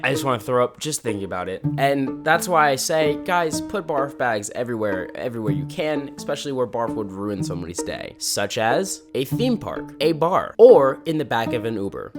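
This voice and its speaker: A man telling embarrassing stories in a lively, self-deprecating comic style. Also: mid-range voice, normal speed, over music. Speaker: storyteller. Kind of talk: animated storytime narration.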